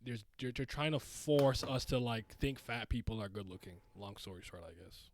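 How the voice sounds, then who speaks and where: A man's voice: mid-range voice, moderate pace. A man in a casual group discussion, asking questions in a loose, quizzical way.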